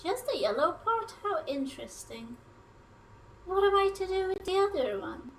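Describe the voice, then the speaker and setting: Woman streamer, high-pitched and bright, teasing banter while cooking, faint noise behind. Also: very animated, normal speed. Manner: playful, teasing, jokey banter with chat. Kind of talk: casual livestream chat while cooking.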